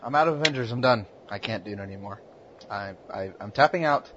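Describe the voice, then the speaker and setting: A man's voice: on the low side, animated, fast. A man talking casually about comic books, stumbling over his words and restarting often. The recording is dull and lo-fi, with faint ambient noise underneath. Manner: hesitant, stammering, many restarts. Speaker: comic book podcast co-host. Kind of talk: casual chat.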